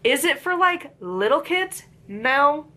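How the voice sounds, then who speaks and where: A woman reviewing a witchcraft book in a casual, rambling way, full of "like" fillers and lively asides, her voice congested from a lingering cold. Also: high voice, takes it slowly. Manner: chatty, lots of "like" fillers, animated asides.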